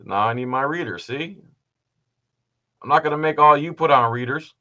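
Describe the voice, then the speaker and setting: A man with a bright, forward voice talks through a video in a loose, meandering way. He drops dry, sarcastic remarks as he goes, casual and unscripted. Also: on the high side, moderate pace, lo-fi sound. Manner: rambling, sarcastic asides. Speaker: host.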